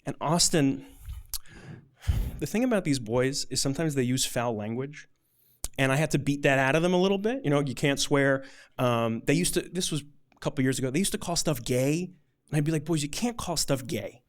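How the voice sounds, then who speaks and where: A man's voice: mid-range voice, brisk. A man telling a personal story on stage in a casual, chatty way, full of "like" fillers.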